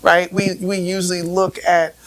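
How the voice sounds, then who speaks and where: A woman with a raspy voice from laryngitis, speaking as a relationship expert on a casual podcast and explaining with everyday examples. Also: on the low side, little pitch movement, normal speed, rough recording. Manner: explains with everyday examples, frequent "right?" checks; repeats words when starting sentences.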